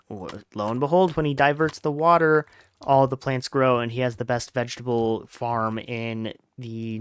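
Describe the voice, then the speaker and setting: A man's voice: mid-range voice, clear, resonant tone. A man hosting a let's-play podcast, chatting casually about a book with lots of fillers and playful gamer slang. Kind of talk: casual book discussion over gameplay.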